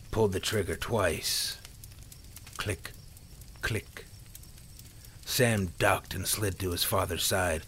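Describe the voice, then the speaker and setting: A man narrating a story in a calm, measured reading voice. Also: deep voice, a little hiss or hum.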